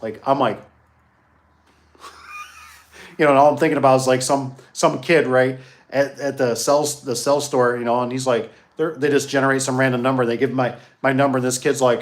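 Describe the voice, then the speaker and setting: A local-raised adult man who runs a garage door business talks to his viewers at a normal pace in a medium-pitched, fairly even voice. His monologue is casual and folksy, rambling and repeating itself as he tells stories.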